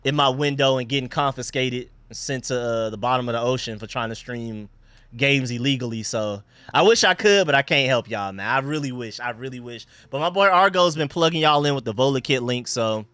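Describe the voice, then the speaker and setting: A young man from Atlanta hosting a casual sports live stream, reading out chat shout-outs in loose slang. He repeats phrases and swings between hyped calls and low mumbles. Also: expressive, fairly quick, clean tone, no echo. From Atlanta, Georgia. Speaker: livestream host.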